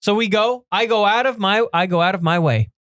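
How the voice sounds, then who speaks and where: A young man co-hosting a podcast, telling a story in a relaxed, wry way. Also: high-pitched, fairly quick, dry recording, studio quality. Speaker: podcast co-host. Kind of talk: casual storytelling chat.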